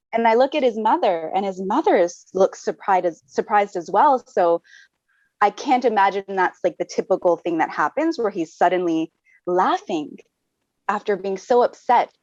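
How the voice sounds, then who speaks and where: Mom telling a story on a webinar, earnest, lots of "like", muffled dry call audio. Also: female voice, medium pitch, lively intonation, normal speed, darkish tone, no room sound. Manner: earnest, uses "like" often. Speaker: webinar guest. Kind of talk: personal storytelling. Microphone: video call.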